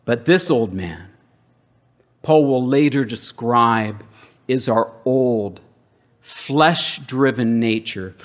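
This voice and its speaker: A middle-aged man preaching a sermon as pastor, emphatic, with dramatic pauses and call-and-response with the congregation. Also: mid-range voice.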